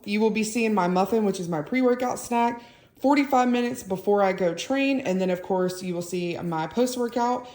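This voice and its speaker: A young woman, chatting and rambling casually to her phone camera at home as a mother and vlogger. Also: mid-range voice. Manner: chatty, rambling, warm toward viewers. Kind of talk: casual vlog chat to camera. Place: at home indoors. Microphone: handheld phone camera.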